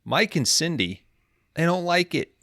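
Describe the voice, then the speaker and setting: A young man co-hosting a podcast, recapping a film in casual, profane, rambling talk and slipping into quick character voices. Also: fairly high pitch, very animated, fairly bright tone, no echo, studio quality. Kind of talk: casual comedic movie recap.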